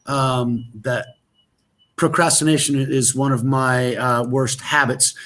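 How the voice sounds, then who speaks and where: A man's voice: medium pitch, fairly even intonation, slow pace, a bit bright. A man talking as a guest in a casual livestream chat, joking and drifting into asides. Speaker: interview guest.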